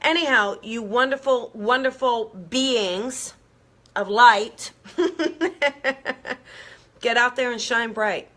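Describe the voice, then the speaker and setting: A woman's voice: fairly high pitch, fairly even intonation, takes it slowly, a bit bright. A woman hosting a live online talk, speaking earnestly and encouragingly straight to her viewers and checking in with them again and again. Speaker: host. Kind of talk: live-streamed motivational talk.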